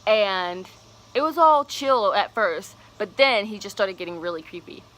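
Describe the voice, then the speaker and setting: A woman's voice: medium pitch, expressive, measured pace, a bit bright, rough recording. A young woman telling a personal story on her vlog, casual, candid and cursing freely. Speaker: vlogger.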